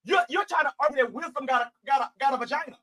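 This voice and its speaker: A man's voice: extremely high pitch, rapid-fire, sharp tone, rough recording. A man hosting a livestream Bible debate, talking emphatically and bluntly, cutting in and swearing. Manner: emphatic, interrupting, blunt and profane. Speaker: host.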